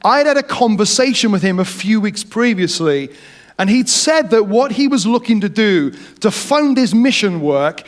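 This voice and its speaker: Male preacher, higher voice, lively jokey storytelling sermon. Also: normal speed. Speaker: pastor.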